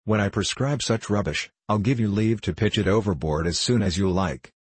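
A man's voice: fairly low pitch, moderate pace, breathy edge, no room sound. Man reading as a hearty, kindly doctor uncle. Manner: warm, hearty, occasionally bursting out. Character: kindly middle-aged male doctor uncle, hearty and tender. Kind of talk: audiobook character reading.

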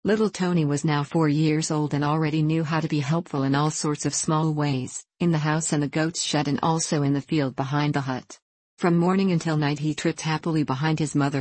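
A woman narrating an audiobook story in a calm, measured way. Her voice sits very low for a woman, and the recording is dry and close with no room around it. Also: no echo.

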